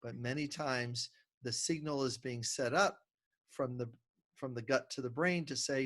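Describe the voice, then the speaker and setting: With a mid-range voice and a somewhat slow delivery, this middle-aged podcast guest, a communication consultant, explains his ideas conversationally. He tells stories animatedly, acting out the bits of dialogue.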